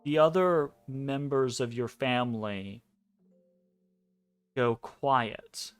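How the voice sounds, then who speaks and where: Slow, smooth-voiced man narrating a game. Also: medium pitch. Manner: measured, hesitant, pausing between phrases. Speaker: game master. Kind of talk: slow narration of a tabletop game dream scene. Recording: soft music behind.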